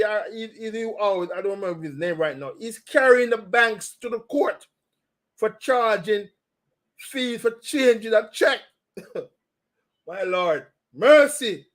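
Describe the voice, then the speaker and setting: Brief: chatty male host, fairly high voice, loose opinionated delivery. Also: unhurried, fairly bright tone. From Jamaica. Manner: rambling, opinionated, frequent fillers. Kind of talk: casual commentary show.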